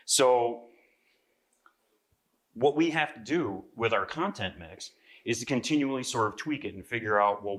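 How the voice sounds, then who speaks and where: A man's voice: lowish voice, a bit bright. A man, a magazine editor, giving a live seminar talk to an audience, chatty and often checking in with "right?". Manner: conversational, frequent "right?" to the audience, clears throat. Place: convention seminar room.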